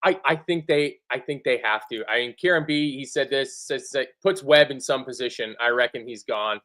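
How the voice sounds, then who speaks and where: A man co-hosting a football fan show in casual chat, animated and sweary, often acting out other people's lines. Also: mid-range voice, moderate pace. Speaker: football podcast co-host.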